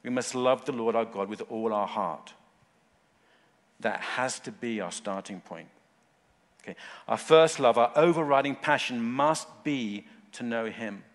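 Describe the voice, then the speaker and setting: A man preaches in short, earnest phrases at a middling pitch, pressing his points with fervent weight. His voice rings out with a long hall reverb. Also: unhurried. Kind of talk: sermon.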